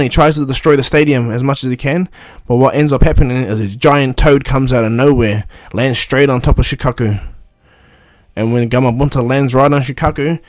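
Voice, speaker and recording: A man's voice: medium pitch, dry recording, clean studio sound. A man retelling a fan story casually, rambling with many fillers and restarts.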